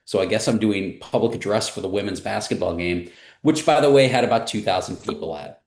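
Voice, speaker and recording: Casting: deep-voiced male interview guest, forties, animated storyteller, echoey room. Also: brisk. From Missouri, US. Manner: animated storyteller, acts out quoted people. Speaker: marketing director guest.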